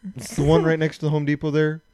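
A man's voice: on the high side, monotone, fairly quick, crowd noise. Matter-of-fact man in casual chat. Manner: matter-of-fact, fond of details.

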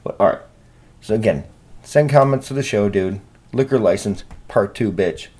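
A man's voice: fairly low pitch, moderate pace, a little mellow. A man hosting a solo podcast, rambling and swearing in a self-deprecating, casual way. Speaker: podcast host.

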